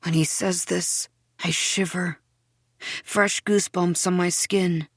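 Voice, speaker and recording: Woman, audiobook narration, soft, intimate, first person, low-pitched, dry close sound. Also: fairly even intonation, slow pace, husky, no echo.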